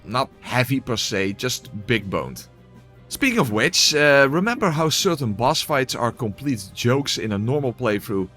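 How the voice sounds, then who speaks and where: Exclamatory man with a lively voice. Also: on the low side. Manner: exclamatory, swears, wry asides. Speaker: gameplay commentator. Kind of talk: casual gameplay commentary and voice-over narration.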